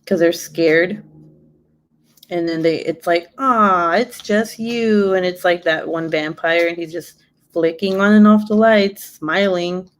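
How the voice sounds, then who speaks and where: Young woman, casual live-stream chat, unhurried and giggly. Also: on the low side, little pitch movement. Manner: chatty, giggly, rambling.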